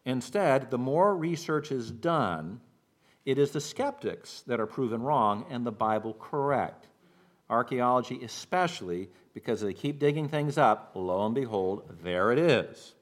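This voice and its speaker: Pastor giving a sermon, mid-pitched man, explains verse by verse and acts out quotes. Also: animated, unhurried. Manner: expository preaching, acts out shouted quotes.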